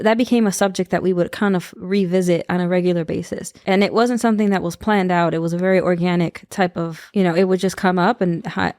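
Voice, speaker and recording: Podcast co-host: Puerto Rican woman, 30s, lively storyteller, dry close mic. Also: fairly low pitch, no room sound. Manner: animated, laughing, snarky asides. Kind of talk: casual storytelling chat.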